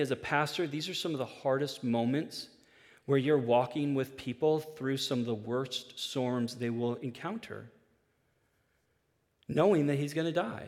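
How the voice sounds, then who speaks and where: Earnest pastor preaching in a hall. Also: male voice, mid-range voice. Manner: earnest storytelling, rising in intensity with repeated restarts. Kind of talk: sermon. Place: large church hall. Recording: long hall reverb.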